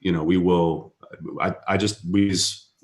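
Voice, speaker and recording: A man on a video call, talking in a calm, reassuring way with some hesitant restarts. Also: sits low, a little slow. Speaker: guest. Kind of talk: casual video call chat.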